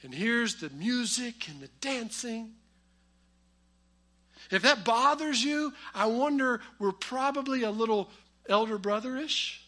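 A man preaches a sermon and weaves family stories into it with humor. His voice sits high and bright. He pushes hard on key lines, then drops to quiet asides. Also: expressive, measured pace. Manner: storytelling with humor, swings between loud emphasis and quiet asides. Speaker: pastor.

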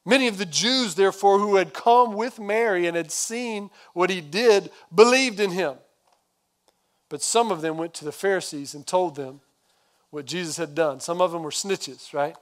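A male pastor giving a sermon, retelling the story in a casual, conversational way with quick asides. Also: on the high side.

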